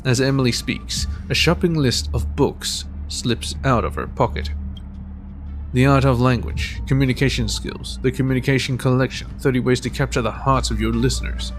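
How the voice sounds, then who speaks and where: A man's voice: mid-range voice, normal speed, faint music behind. A man casually commenting on a story game, reading dialogue aloud, joking and restarting his sentences. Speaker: gamer playing through a story game.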